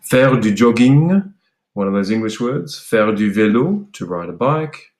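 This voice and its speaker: Australian male tutor, low voice, casual lesson delivery, roomy sound. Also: very animated, darkish tone. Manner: explains plainly, slows down for French words. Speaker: French teacher.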